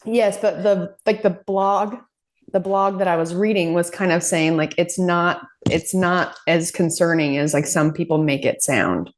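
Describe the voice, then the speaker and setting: A woman co-hosting a podcast in a casual chat, calmly passing on practical things she has read. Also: fairly low pitch, a little slow. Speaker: podcast co-host.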